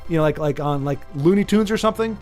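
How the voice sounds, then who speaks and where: A man with a fairly high voice hosts a casual livestream, rambling, joking and talking straight to his viewers by name. Faint game music plays behind him. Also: quick pace, a little mellow. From United States.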